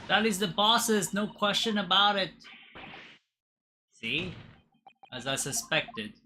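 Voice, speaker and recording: A woman's voice: medium pitch, takes it slowly, faint music behind. A woman streaming a courtroom game, reading its dialogue aloud and breaking off to laugh and joke. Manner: laughs often, playful and animated. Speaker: gaming streamer. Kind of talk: let's play with read-aloud dialogue.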